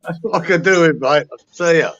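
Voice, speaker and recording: A tired middle-aged guest from London with a Cockney accent chats casually and bluntly, swearing plenty. His voice is a little high, a little fast and fairly bright, captured on a dull lo-fi recording with faint noise.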